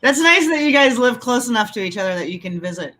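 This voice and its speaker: A woman's voice: on the high side, big pitch swings, fast, sharp tone. A woman hosting a casual chat with fellow comedians, laughing often and greeting viewers as they join. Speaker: podcast host.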